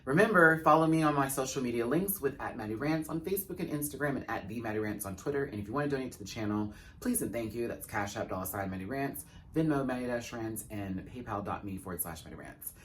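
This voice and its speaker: A man hosting his own review channel, talking in a sassy, expressive way full of drag slang and phrasing, in a casual rant. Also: medium pitch, quick pace, few pauses. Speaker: YouTube reviewer. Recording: faint background noise.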